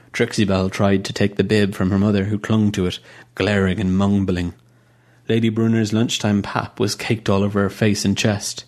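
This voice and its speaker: Man narrating in a low, even voice. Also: moderate pace. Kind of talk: scripted audiobook narration.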